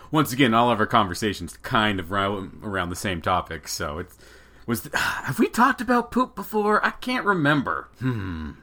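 A man in his thirties co-hosting a podcast in casual chat, telling lively stories and laughing a lot. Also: on the low side, moderate pace. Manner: animated storyteller, acts out dialogue, laughs often. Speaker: podcast co-host.

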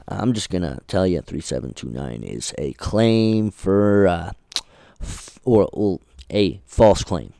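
A man with a low, smooth, clear voice, mellow in tone, who rambles and restarts with lots of fillers while reading dense legal text. He records into a close mic in a dry room with little reverb. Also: very animated, measured pace. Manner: swears casually. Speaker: podcast host. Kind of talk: casual commentary, reading legal text aloud.

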